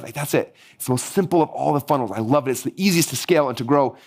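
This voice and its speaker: Male course instructor, energetic and fast-talking, a little high, hoarse from overuse. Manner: energetic, hyped-up, rapid-fire. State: hoarse from losing his voice. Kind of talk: live online workshop teaching.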